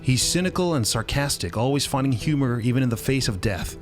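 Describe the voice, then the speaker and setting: A man's voice: mid-range voice, lively intonation, fairly quick, faint music behind. A man narrating and introducing guests in a scripted way. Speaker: interviewer and narrator.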